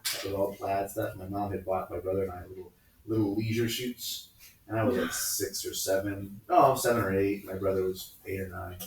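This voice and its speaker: Teacher guy in his 50s, low voice, telling stories n doing funny voices, far off in a roomy classroom. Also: moderate pace, a little hiss or hum. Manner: animated, acts out family voices with high-pitched quotes. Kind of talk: casual classroom storytelling.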